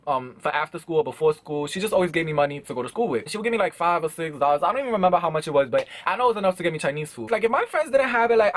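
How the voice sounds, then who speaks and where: A young man telling a casual storytime vlog at home, animated and full of slang. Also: on the high side. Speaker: vlogger. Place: indoors at home before a backdrop.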